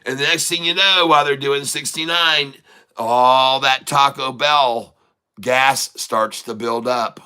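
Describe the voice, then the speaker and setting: Man, livestream host, casual joke-telling, rambling, laughs a lot, very bright tone. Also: medium pitch, fairly even intonation, takes it slowly, smooth. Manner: rambling, laughs often, repeats words. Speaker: livestream day trader.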